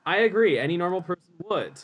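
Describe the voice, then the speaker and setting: A man reading an earnest young defense attorney from a video game, with lively, pressing delivery. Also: sits high, fast talker.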